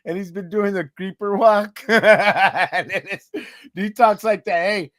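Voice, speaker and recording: A man's voice: high voice, fairly even intonation, slow pace, a bit bright, no room sound, studio quality. A man from New Mexico co-hosting a podcast, laughing often and telling stories with imitations. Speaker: podcast co-host. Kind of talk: casual podcast banter.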